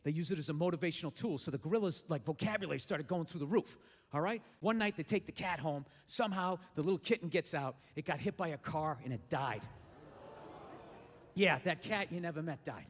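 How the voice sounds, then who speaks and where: A male stand-up comedian performing on a club stage, ranting loudly and swearing often. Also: a little high, animated, a little fast. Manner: profane, ranting, loud. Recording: live venue with reverb and audience.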